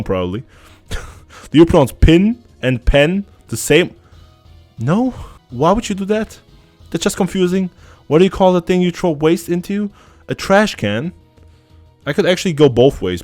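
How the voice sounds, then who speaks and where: Young German-accented man, sarcastic streamer, animated delivery, faint music underneath. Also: mid-range voice. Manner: sarcastic, profane, ranting banter. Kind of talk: casual reaction to an online quiz.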